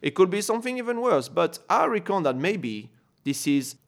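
A man's voice: high voice, very animated, normal speed, creaky. A man from France with a French accent, co-hosting a comedic podcast in careful English and searching for words. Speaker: podcast co-host. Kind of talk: casual comedic podcast chat.

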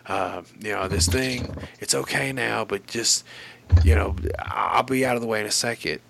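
A man's voice: on the low side, normal speed, vocal fry, a bit bright, full character voice. A man retelling a story, quoting a flustered woman who defends herself in a slightly raised voice. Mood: defensive. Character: irritated middle-aged woman blocking a lot.

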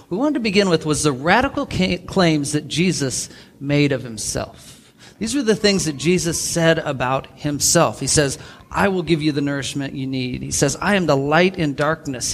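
Emphatic man preaching, fairly high voice. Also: slight background noise. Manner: emphatic, quotes scripture and authors. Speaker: pastor. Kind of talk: sermon. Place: church.

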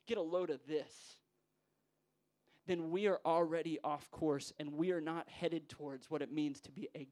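A male preacher with a somewhat high voice gives a sermon in a church. He swings between hushed, soft-spoken stretches and loud, stirring declarations. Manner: builds from hushed to rousing, voices quoted figures.

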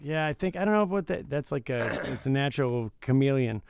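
A man's voice: mid-range voice, animated, a little fast, vocal fry, darkish tone, clear, resonant tone, no echo. A middle-aged man from Detroit co-hosting a casual podcast, earnest and reflective, often hedging his points. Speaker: podcast co-host. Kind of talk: casual chat.

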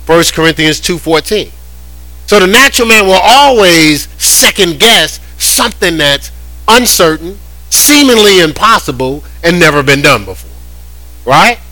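A man preaching a sermon in a conversational, animated way, often repeating words as he goes. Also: high-pitched, measured pace, faint music behind, rough recording. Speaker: pastor.

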